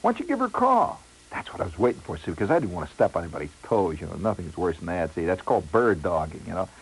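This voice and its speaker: Speaking very fast in a deep, husky voice, a middle-aged man spins a comic story about himself for radio. He's wry and rambling, full of asides, and the recording quality is low.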